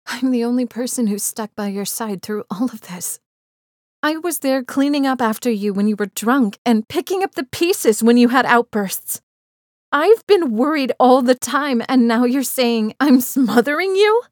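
A woman's voice: on the high side, a little slow, darkish tone, no echo, clean studio sound, lightly acted. A woman voicing a frustrated young woman confronting her boyfriend, pointed and rising to anger. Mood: exasperated.

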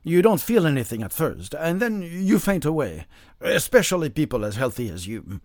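A man's voice: on the high side, very animated, normal speed, darkish tone, no room sound, clean studio sound, pitched above the performer's own voice. A man voicing an anxious young male country doctor in a storybook reading, with a raised and fretful delivery.

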